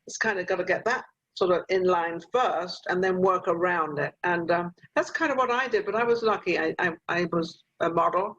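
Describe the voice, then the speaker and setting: A woman's voice: on the low side, normal speed, fairly bright tone, lo-fi sound. An older woman hosting a talk show over a video call, giving rambling, motherly advice with lots of fillers. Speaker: host.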